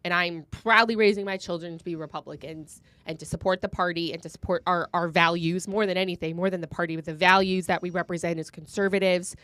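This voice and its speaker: A middle-aged woman co-hosting a casual political chat in a studio, animated and emphatic, quick to laugh, her voice a little rough. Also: lowish voice, no echo. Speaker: podcast co-host.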